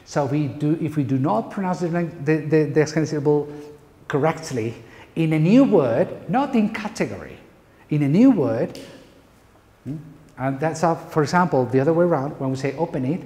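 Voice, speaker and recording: Spanish-accented male pronunciation lecturer, mellow, slightly high voice, long hall reverb. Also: lively intonation, normal speed. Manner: emphatic, playful lecturing with rhetorical questions. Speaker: pronunciation teacher. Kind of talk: lecture to university teachers.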